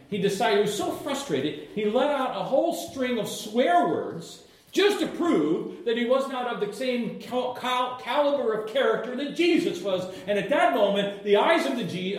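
A middle-aged man preaching a sermon, telling the story in an animated way, with humor and asides to the congregation. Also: sits high, moderate pace. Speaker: pastor. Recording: echoey church hall.

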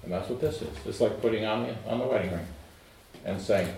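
Middle aged guy preaching, earnest, goes loud then hushed, sounds far from the mic in an echoey room. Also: brisk, slight background noise. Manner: earnest, swings from emphatic to hushed and low. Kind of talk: sermon. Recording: roomy echo, voice off-mic.

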